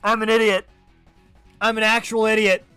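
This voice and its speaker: High-voiced man streaming a game. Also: moderate pace, soft background music. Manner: animated, self-critical, talks straight to viewers. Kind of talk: live gameplay stream commentary.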